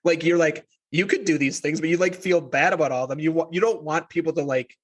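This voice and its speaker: A man's voice: fairly high pitch, fast. A man hosting a podcast interview, asking rambling questions in a chatty, laughing way. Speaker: podcast host. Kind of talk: casual interview chat.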